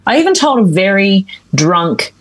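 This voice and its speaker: A woman's voice: mid-range voice, very animated, a little slow. A woman co-hosting a radio show, telling a long, chatty story in casual talk. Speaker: radio co-host.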